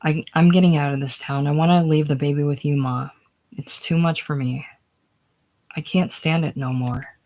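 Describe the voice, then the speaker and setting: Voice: medium pitch, steady tone, normal speed, lightly acted. Distraught young mother of eighteen, as a reader puts her on, pleading, casual screenplay reading. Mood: desperate. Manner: pleading, shouting and whispering by turns.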